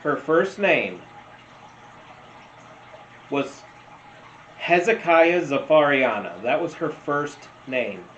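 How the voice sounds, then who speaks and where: A man with a fairly high, bright voice and lively intonation rambles slowly through casual meme reactions, telling stories and laughing often. The recording is roomy, dull and lo-fi with faint noise.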